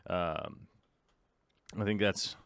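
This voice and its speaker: A man's voice: sits low, extremely slow, vocal fry, a bit bright, smooth, dry recording. A tired, jet-lagged man hosting a casual live stream from home, rambling and restarting his sentences as he greets viewers. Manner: rambling, restarts often, chats with viewers and dog.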